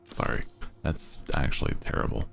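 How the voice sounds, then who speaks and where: A man's voice: very high voice, creaky. A man chatting casually on a live stream as its host, with a melodic, lilting delivery that rises at the ends of sentences.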